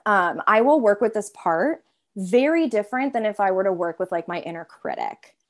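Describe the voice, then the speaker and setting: A woman's voice: mid-range voice, expressive. Chatty woman therapist, full of fillers. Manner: chatty, heavy use of filler "like"; voices her inner parts in quick asides. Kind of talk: casual interview conversation.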